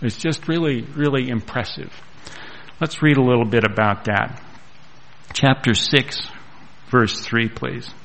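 A man preaching a sermon and reading scripture aloud, with slow, deliberate delivery and pauses. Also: medium pitch, gravelly, fairly bright tone, slight background noise, rough recording.

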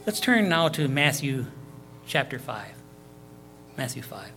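A man's voice: medium pitch, sing-song, slow, noisy background. A man preaching a sermon, reading scripture verses aloud and explaining them in plain, conversational terms, with repeats and fillers. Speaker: pastor.

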